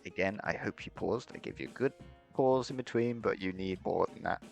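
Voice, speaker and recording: A man's voice: low-pitched, brisk, gravelly, soft background music. A young man casually teaching a beginner language lesson, rambling and correcting himself and laughing at his own mistakes. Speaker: self-taught language hobbyist teaching a lesson.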